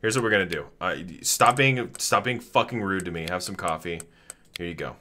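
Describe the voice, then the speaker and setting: Male streamer, bright, forceful voice, animated and foul-mouthed while he plays. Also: low voice, fairly quick, a little hiss or hum. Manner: animated, swears a lot, talks to game characters. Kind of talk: live gaming commentary.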